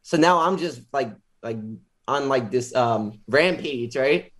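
A man with a mid-range voice speaks at a slow pace as an interview guest. He casually retells a story, using lots of filler words and animated quotes.

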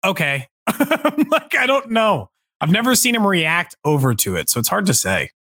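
A man hosting a sports podcast, chatting casually and animatedly in quick bursts. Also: high voice, huge pitch swings, sharp tone.

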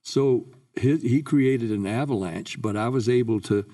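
An older man, a guest singer, telling lively anecdotes in an interview and acting out the voices he quotes. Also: medium pitch, measured pace, distant mic.

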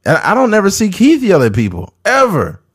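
A man's voice: high voice, huge pitch swings, brisk, husky. Blunt, profane man in his thirties. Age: 30s. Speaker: podcast host. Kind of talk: casual chat.

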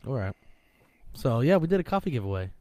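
A man's voice: medium pitch, big pitch swings, fast talker, dark tone, dry recording, studio quality. A man co-hosting a casual podcast, talking bluntly and swearing freely. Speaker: podcast co-host. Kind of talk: casual chat.

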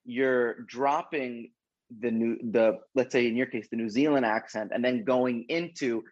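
A woman's voice: very deep voice, steady tone, measured pace, a little mellow, dry recording. A woman hosting an interview in casual chat, talking eagerly with frequent restarts. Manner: chatty, stumbling restarts. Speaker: podcast host. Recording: dull lo-fi sound.

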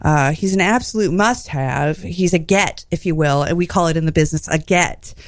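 A woman's voice: lowish voice, normal speed, dry recording. A woman hosting a comedy radio show from a studio, chatting casually in a rambling, joking way. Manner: rambling, joking, many fillers.

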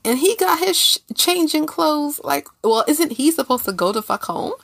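A woman's voice: sits high, expressive, moderate pace, creaky, fairly bright tone, no echo. A woman co-hosting a casual chat, talking bluntly with slang and swearing. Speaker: podcast co-host.

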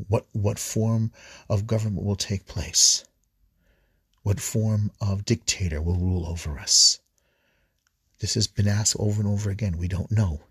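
A man preaching an earnest, repetitive reflection on scripture readings for a podcast, often restarting phrases and clearing his throat. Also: low-pitched, no room sound, clean studio sound.

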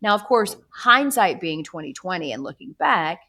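A woman in her thirties co-hosting a sports chat, talking frankly and with mock exasperation. Her pitch moves a lot, rising and falling as she tells a story. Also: big pitch swings, normal speed, pushed and bright. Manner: chatty, exasperated, candid. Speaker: co-host. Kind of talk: casual sports talk.

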